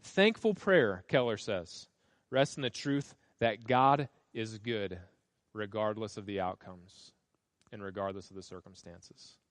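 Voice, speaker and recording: A man's voice: lowish voice, unhurried, no echo. A male pastor preaching a sermon, reading scripture aloud and stressing key phrases by repeating them.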